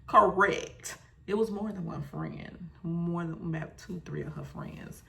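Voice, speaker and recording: Slow sassy lady with a gravelly voice recapping reality tv. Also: on the low side, a bit bright. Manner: sassy, talks back to the screen. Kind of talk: casual show recap.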